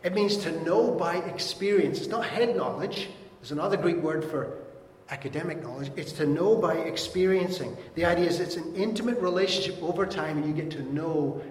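A middle-aged man preaching a sermon as pastor, earnestly teaching and reading verses aloud slowly. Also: a little high. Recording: echoey hall with long reverb.

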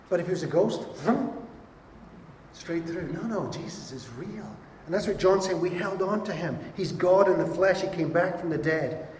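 A man preaching a sermon as pastor, animated and acting out quoted voices. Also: a little high, slight background noise. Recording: echoey hall with faint ambience.

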